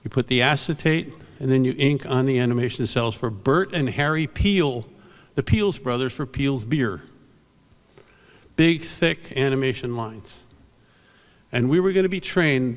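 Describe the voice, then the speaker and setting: An older man telling rambling, animated anecdotes on stage at an awards ceremony, correcting himself as he goes, through a stage microphone in a convention hall. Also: medium pitch. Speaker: veteran comic book inker and speaker. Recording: long hall reverb.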